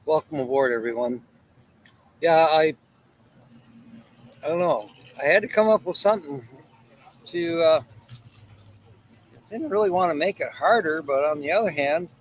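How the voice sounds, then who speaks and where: Casual male livestream host, slightly high voice, rambling morning chat, talks with his mouth full. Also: poor audio. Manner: rambling, greets viewers by name, pirate greeting; talks while eating.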